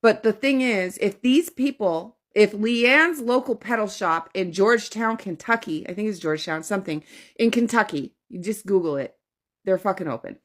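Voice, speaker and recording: A woman's voice: mid-range voice, lively intonation, normal speed. A woman giving a casual, blunt, profane rant to camera as a social media commentator, often repeating her points.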